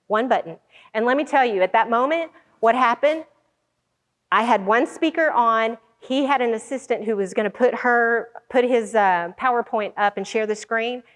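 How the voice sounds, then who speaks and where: A woman's voice: on the high side, big-room sound. A woman who organizes conferences tells a story about her own work and acts out the lines other people said. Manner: animated, acts out quoted lines. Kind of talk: storytelling talk.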